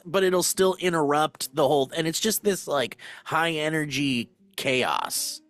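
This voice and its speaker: A man co-hosting a podcast in casual chat, an animated storyteller who slips into loud voices of the people he describes. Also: fairly high pitch, measured pace, few pauses, no room sound. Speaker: podcast co-host.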